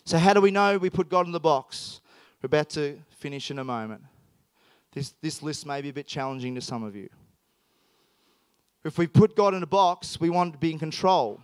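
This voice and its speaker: An Australian man preaching a sermon, telling stories in an animated, emphatic way with frequent restarts. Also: on the high side, smooth, no room sound. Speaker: pastor. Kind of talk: sermon with personal storytelling.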